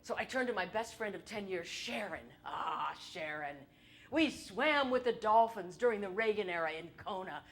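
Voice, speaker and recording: A solo show performer, a middle-aged woman with an expressive, medium-pitched voice, delivers an autobiographical monologue on a theater stage. Her storytelling is wry and irreverent, sprinkled with crude asides and brief, quick impressions of her younger self's voice.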